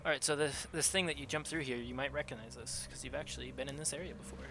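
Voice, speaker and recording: A man's voice: medium pitch, steady tone, fast talker, music in the background. A man casually commenting as his friend plays a game, chatty and laughing often. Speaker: guide watching a friend play.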